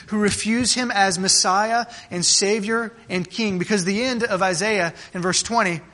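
A man's voice: high-pitched, moderate pace, a bit bright. A man preaching a sermon in a conversational way, asking the congregation rhetorical questions, often restarting and repeating words. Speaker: pastor.

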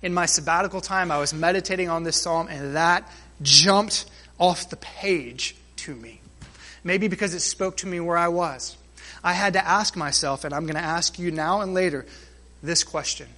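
High-voiced emphatic preaching man. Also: normal speed. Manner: emphatic preaching with stretched, swelling phrases and quiet asides. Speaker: pastor. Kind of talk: sermon.

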